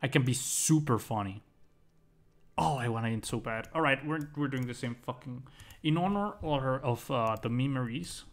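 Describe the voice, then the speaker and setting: A young man commentating his own gameplay live, joking and swearing excitably. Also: medium pitch, moderate pace. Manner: excitable, swears often, jokey. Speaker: streamer.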